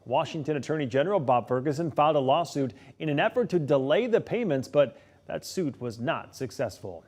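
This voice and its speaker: A male news anchor with a slightly high-pitched voice reads the late local news. His delivery is steady and measured, moving smoothly from story to story. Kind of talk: scripted news reading.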